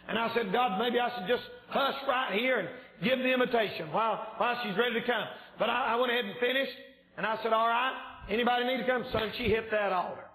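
High-voiced man preaching with shouts. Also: reverberant, low-quality recording. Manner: yells and shouts when preaching. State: slightly strained voice. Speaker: evangelist preacher. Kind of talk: fervent revival sermon. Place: church sanctuary.

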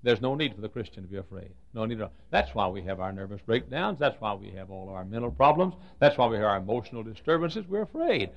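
An older man preaching a sermon, telling folksy stories with stammered restarts and sudden swings from loud to soft. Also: on the low side, expressive, fast, gravelly, hardly any pauses.

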